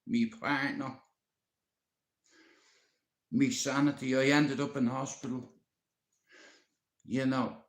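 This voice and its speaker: An upset Irish man on a live stream, rambling and swearing often as he talks to a friend. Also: mid-range voice. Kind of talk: emotional live-stream rant. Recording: echoey roomy sound.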